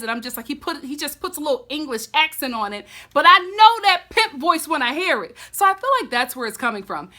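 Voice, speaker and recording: Bright, animated woman recapping a show. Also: high voice, brisk, few pauses. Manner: expressive, animated storytelling. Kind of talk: casual TV recap.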